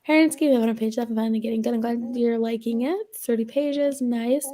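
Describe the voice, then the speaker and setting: A woman's voice: on the high side, steady tone, moderate pace. A woman co-hosting a casual livestream on a video call, greeting viewers by name and reacting to their comments. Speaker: livestream co-host reading viewer chat.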